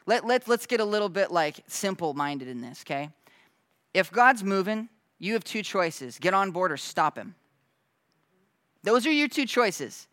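A man gives a casual sermon, talking loosely and slangily with bursts of animation as he acts out little scenes. His voice sits a bit high for a man and is recorded close and dry, with almost no room sound. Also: very animated, unhurried, fairly bright tone, no echo. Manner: laughs now and then, loose slangy phrasing. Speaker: pastor.

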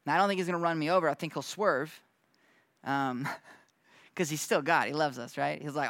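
Casual, animated pastor, dry close sound. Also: male voice, a little high, dry recording. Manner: animated, acts out quick voices in his story; laughs now and then, loose slangy phrasing. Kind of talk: casual conversational sermon.

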